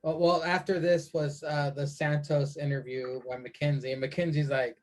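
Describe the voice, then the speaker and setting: Man, podcast co-host, slightly high voice, play-by-play recap from notes. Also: level tone, a little mellow. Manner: reads from notes in quick bursts, play-by-play recap. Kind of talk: casual recap of wrestling shows.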